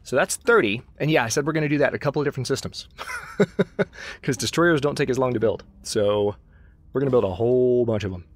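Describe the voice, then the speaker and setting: A man's voice: medium pitch, fast. A man casually commenting on his strategy game as he plays, chatting to his own units and joking at himself. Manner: chatty, talks to his units, self-mocking asides. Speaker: let's play host.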